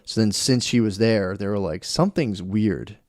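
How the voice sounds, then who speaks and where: A man in his thirties co-hosting a podcast, telling a story in casual chat, animated, with lots of swearing and "dude". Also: on the low side, moderate pace, no echo, studio quality. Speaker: podcast co-host.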